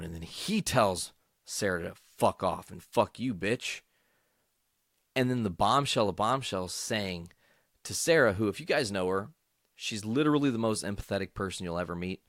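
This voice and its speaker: A man's voice: lowish voice, a bit bright, dry recording, studio quality. A young adult man hosting a podcast, telling a personal story with angry, profane, emphatic outbursts. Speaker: podcast host.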